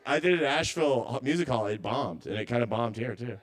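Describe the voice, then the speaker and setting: A man's voice: mid-range voice, expressive, fast. A man doing a stand-up set at a live open mic, rambling and self-doubting, stammering through restarts.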